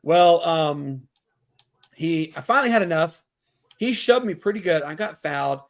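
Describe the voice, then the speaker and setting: A man from Mobile, Alabama with a Southern accent, hosting a casual sports podcast and telling stories in an animated way, laughing often. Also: a little high. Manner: animated, laughing, quick asides. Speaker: podcast host. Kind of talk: casual chat, storytelling.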